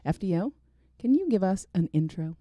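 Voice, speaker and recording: A woman co-hosting a casual podcast chat, easygoing and quick to laugh, reading out the show intro and figures. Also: mid-range voice, very animated, dark tone, no room sound, lo-fi sound. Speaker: podcast co-host. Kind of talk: casual live-stream chat.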